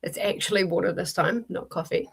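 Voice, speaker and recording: A woman with a New Zealand accent hosts a casual livestream leading reading sprints, chatting directly to viewers with frequent ums in her early-morning voice. Her voice is fairly low, gravelly, and breathy-edged, and she talks a little fast.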